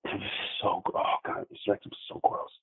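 A man calling in to tell a frightening personal story, halting and repeating his words with many fillers. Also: phone-quality sound.

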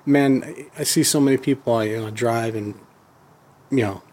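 A man's voice: medium pitch, moderate pace, a little mellow, a little hiss or hum. A man guesting on a podcast in casual chat, talking in loose rambling sentences full of "you know" and swearing.

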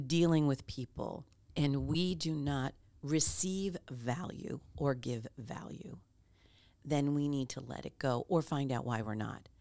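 A woman's voice: rumbling low, a little mellow, dry recording. A woman hosting a podcast, telling a reflective story in a casual, emphatic way. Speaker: podcast host. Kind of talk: conversational storytelling.

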